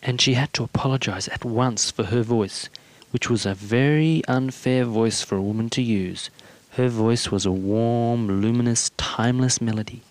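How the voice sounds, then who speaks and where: Male reader, measured storytelling, close dry mic. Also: mid-range voice, dry recording. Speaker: narrator. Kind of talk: story reading.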